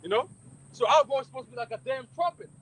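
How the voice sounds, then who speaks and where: A man with a strikingly high voice preaching in a fiery, confrontational way. He talks loudly and with heavy emphasis, swears freely and mocks anyone who objects. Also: fast, slight background noise, rough recording. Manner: loud, profane, emphatic, mocking critics. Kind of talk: fiery street-style preaching.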